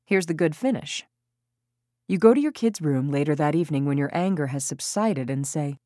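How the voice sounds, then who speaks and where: A woman's voice: deep voice, expressive, moderate pace, long pauses, darkish tone, no echo, clean studio sound. A woman narrating a parenting audiobook, reading expressively and acting out quoted lines.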